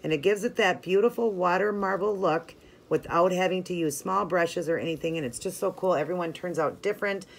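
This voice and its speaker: A woman's voice: on the low side, brisk, gravelly. A woman hosting a nail art channel, talking casually step by step through her work with lots of "like" and "you know". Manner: chatty and friendly, filler-heavy ("like", "you know"); instructive, talks while working hands-on. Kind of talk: casual step-by-step tutorial narration.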